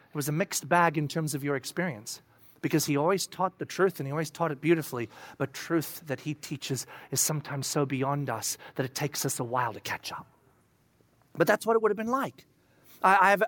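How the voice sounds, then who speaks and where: A preacher giving a sermon, telling the story in an animated way and acting out voices, then dropping to a soft, low voice for serious points. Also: no room sound.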